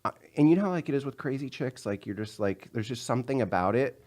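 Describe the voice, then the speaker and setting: A man in his thirties, a comedian guest telling a story in casual chat and acting out the quotes. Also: fast talker. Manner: animated storyteller, acts out quotes in a higher voice.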